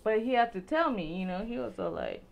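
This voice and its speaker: A woman from Brooklyn, telling a story to her viewers in a casual, animated way, laughing often and acting out voices. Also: mid-range voice, a little fast, creaky, highs cut off. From Brooklyn, New York. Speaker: vlogger.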